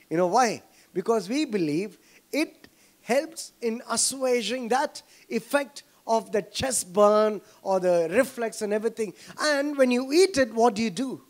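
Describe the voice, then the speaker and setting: Indian guy preaching, tamil accent, pretty high voice, keeps asking the church questions. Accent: Indian English, Tamil. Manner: preaching with constant rhetorical questions to the congregation. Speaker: pastor. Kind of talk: sermon.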